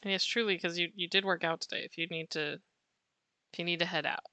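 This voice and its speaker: A woman chatting casually with viewers while she sketches on a livestream, answering chat warmly and laughing often. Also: fairly low pitch, steady tone, quick pace, dry recording, dull audio. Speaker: art streamer.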